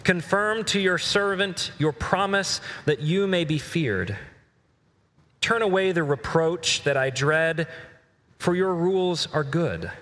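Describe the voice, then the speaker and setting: A middle-aged male preacher giving a sermon, earnestly reading scripture aloud with slow emphasis. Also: on the high side, a bit bright, big-room sound.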